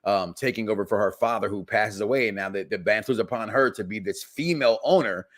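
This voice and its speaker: A man's voice: on the low side, quick pace, fairly bright tone. A man in his forties hosting a casual podcast chat, rambling and laughing often. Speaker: host.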